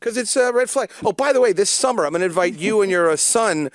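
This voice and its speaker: A man's voice: high-pitched, expressive, quick pace, no echo, clean studio sound. A man in his fifties, a comedian guest, joking goofily and laughing through casual podcast banter. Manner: goofy, jokey, laughs a lot.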